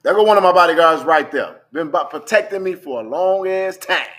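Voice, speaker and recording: A man's voice: on the high side, lively intonation, brisk, a bit bright. A young man, talking bluntly and profanely in a casual livestream, scrolling through screenshots as he goes. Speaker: vlogger.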